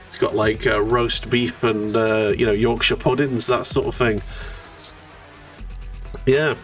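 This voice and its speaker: A man's voice: medium pitch, fairly even intonation, unhurried. Rambling man, distant mic. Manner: rambling, chatty storyteller. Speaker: guest painter on a hobby stream. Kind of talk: casual chat. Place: home hobby setup on a live stream. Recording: distant mic with faint guitar music.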